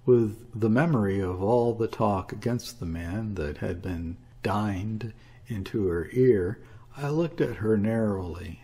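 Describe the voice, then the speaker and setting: A man reading a classic story aloud as an audiobook, in a measured, even storytelling manner. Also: on the low side, husky. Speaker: audiobook reader. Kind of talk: scripted narration of a classic story.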